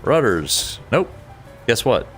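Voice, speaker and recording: A man with a croaky, sick-sounding voice chatting casually on a flight sim stream, laughing often as he talks through cockpit checks. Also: mid-range voice, very animated, slow pace, fairly bright tone, soft background music. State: sick, hoarse. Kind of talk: casual live-stream chat.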